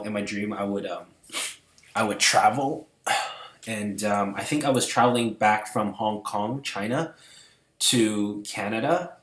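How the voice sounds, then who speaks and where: Low-voiced man rambling about his dreams. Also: reverberant. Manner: rambling, many fillers, shifts from hushed to loud. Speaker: vlogger. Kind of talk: casual storytelling.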